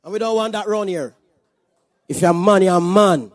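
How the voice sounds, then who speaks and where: High-voiced joking preacher man. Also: moderate pace, no echo. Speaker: pastor. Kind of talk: sermon. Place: church service.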